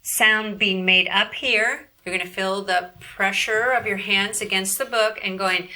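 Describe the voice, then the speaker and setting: A woman teaching a vocal lesson in a clear, bright voice, explaining step by step and coaxing her student to repeat each sound back. Her pitch sits in the middle for a woman. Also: steady tone, a little slow. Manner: directive, demonstrates growls and coaxes the student. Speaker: vocal coach. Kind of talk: instructional demonstration.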